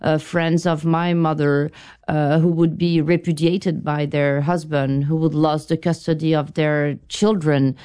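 Woman, middle-aged, smooth resonant voice, reflective interview guest. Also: deep voice, little pitch movement, mellow. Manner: thoughtful, halting, with restarts.

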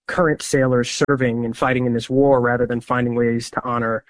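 A man's voice: medium pitch, flat delivery, brisk, no room sound. A man interviewee giving a firm, critical statement in a news soundbite.

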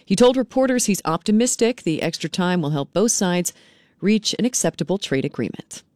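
Female local radio newsreader, steady and clear, dry studio read. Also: on the low side, moderate pace, dry recording. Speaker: local news host. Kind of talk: local newscast and station announcements.

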